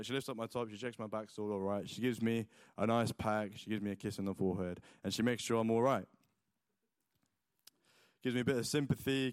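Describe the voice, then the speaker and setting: A man's voice: mid-range voice, clear, resonant tone, no echo. Young man preaching, chatty and dry. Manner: chatty, lots of likes and ums, animated retelling. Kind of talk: sermon with personal storytelling.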